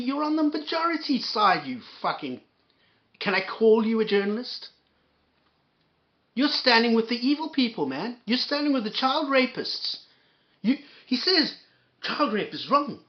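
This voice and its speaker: A man's voice: very high-pitched, big pitch swings, moderate pace, highs cut off. A man hosting an angry reaction commentary, ranting and swearing, often stammering over his words. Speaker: commentary host.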